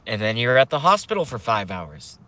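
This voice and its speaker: A man's voice: mid-range voice, very animated, fairly quick, pushed and bright. A man ranting to viewers on a live stream from his parked car, swearing and agitated.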